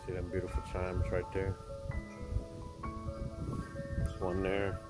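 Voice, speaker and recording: Outdoors by a lake, a vlogger films a casual, playful video, laughing at himself as he chats with viewers and says "y'all" Southern-style. His low voice is totally flat and slow, set against loud music.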